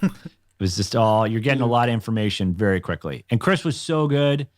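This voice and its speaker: A man's voice: on the low side, lively intonation, fairly quick. A man, guest on a podcast, telling behind-the-scenes stories in a rambling, self-deprecating way with lots of fillers. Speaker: podcast guest, show creator. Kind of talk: casual podcast conversation.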